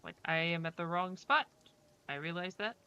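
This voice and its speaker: A woman's voice: on the low side, normal speed, sharp tone, muffled recording, slight background noise. A woman streaming a game, chatting casually in a rambling way full of fillers. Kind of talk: casual chat while playing a game.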